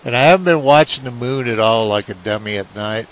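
A gameplay commentator talks casually over his let's play in a mid-range, slightly fast voice, with a bit of hiss or hum in the audio. He rambles, pokes fun at himself, and often mutters under his breath.

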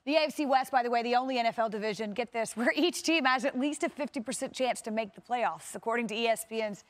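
Brief: quick, slightly high-voiced woman anchoring a sports panel, chatty and leading. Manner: conversational, leads the panel with quick questions. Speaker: studio host. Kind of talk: sports studio discussion.

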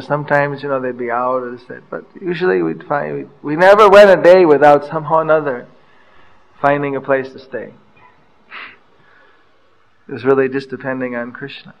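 An older man giving a scripture class, telling stories from his travels and pausing often with fillers. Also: a little high, gravelly, low-quality recording. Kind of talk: anecdotal scripture lecture.

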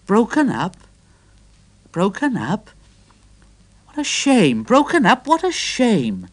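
A man voicing an eager, kind-hearted male tank engine in a storybook, high and earnest in tone. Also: very animated, takes it slowly, a little mellow, dry recording, exaggerated voice. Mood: indignant.

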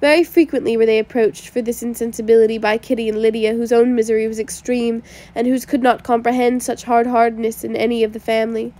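A woman reads a classic novel aloud for an audiobook, her voice sitting high. She keeps a steady reading pace and now and then stumbles over a word and starts it again. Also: quick pace. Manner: reads with small slips and restarts. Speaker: audiobook reader.

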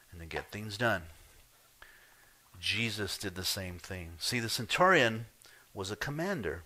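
Man, pastor, sermon, low voice, sharp forceful tone, emphatic, hushed-to-loud swings. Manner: conversational asides to the congregation.

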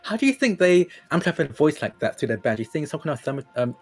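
A man's voice: a little high, sing-song, fast, soft background music. A man player in a tabletop game, speaking in character in a curious, musing way. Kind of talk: in-character tabletop role-play.

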